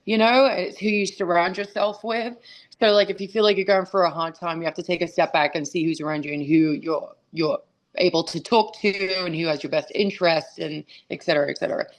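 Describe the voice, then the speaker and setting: Chatty woman on a video call. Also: lowish voice. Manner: candid, chatty, many fillers and restarts. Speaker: guest. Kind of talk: casual interview chat.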